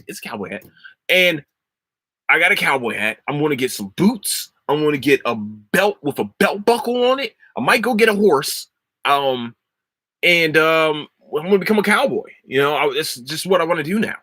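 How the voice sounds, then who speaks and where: A man's voice: on the high side, no room sound. A young man hosting a casual podcast, rambling and swearing freely as he talks about shows. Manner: rambling, swears freely, breaks into loud laughter. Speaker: podcast host.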